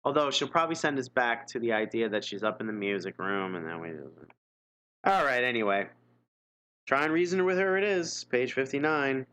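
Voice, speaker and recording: A man's voice: medium pitch, expressive, moderate pace, pushed and bright, clean tone. A man streaming live, reading an interactive gamebook aloud and chatting casually, wry and self-mocking with frequent chuckles.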